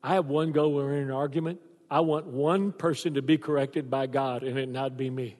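A man's voice: medium pitch, a little fast. A man, preaching a sermon as a pastor, telling stories animatedly and acting out the voices in them. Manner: animated storytelling, acts out voices in quotes. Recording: long hall reverb.

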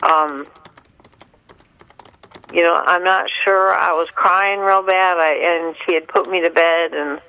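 A woman calling in to a radio show, speaking haltingly with many pauses and fillers. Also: sits low. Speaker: caller. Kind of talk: call-in radio confession. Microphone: telephone. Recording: muffled phone line.

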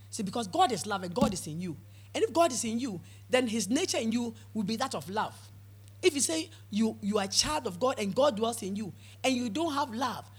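A woman's voice: on the high side, breathy edge. A woman preaching a sermon, emphatic, with frequent amens and repeated words for stress.

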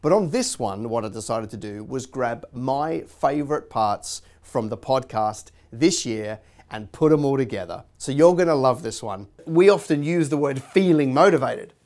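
A man's voice: medium pitch, expressive, normal speed, few pauses, darkish tone. A man hosting a podcast and talking casually, with plenty of fillers. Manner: chatty, many fillers like "you know". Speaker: podcast host. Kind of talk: casual podcast intro and talk.

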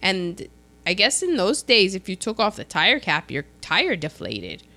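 Bright-voiced chatty woman. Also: unhurried. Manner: chatty, animated, quotes characters in a lowered voice. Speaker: podcast co-host. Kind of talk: casual chat recapping a film.

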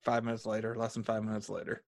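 A man's voice: on the low side, monotone, fast. A man co-hosting a casual film review chat, reflective and a bit hesitant, often repeating words. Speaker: podcast co-host.

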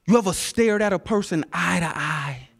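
A man preaching a sermon, swinging between shouted peaks and hushed whispers and repeating words for emphasis. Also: high-pitched, lively intonation, normal speed, vocal fry, slightly rough. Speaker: pastor.

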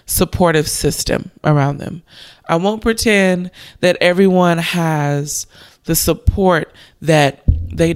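Earnest woman with a gravelly edge. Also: low voice. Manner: earnest, encouraging, with laughs and slow emphasis. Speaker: podcast host. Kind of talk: devotional podcast talk.

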